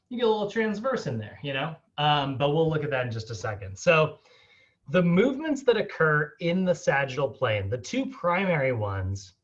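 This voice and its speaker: A man teaching a fitness class online, casual and upbeat, sprinkling his talk with fillers and quick laughs. His voice comes through a dull, lo-fi video call line. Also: a little high, a bit bright. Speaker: fitness instructor.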